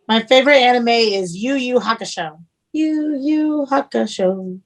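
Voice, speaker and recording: A woman's voice: a little high, a little slow. A young woman chef as a podcast guest, speaking candidly and casually, swearing now and then.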